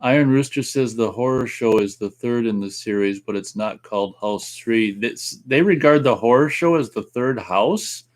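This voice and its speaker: A man co-hosting a casual show, chatting and reading viewer comments aloud in a relaxed way. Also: medium pitch, moderate pace, hardly any pauses. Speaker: radio show co-host reading chat comments. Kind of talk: casual chat.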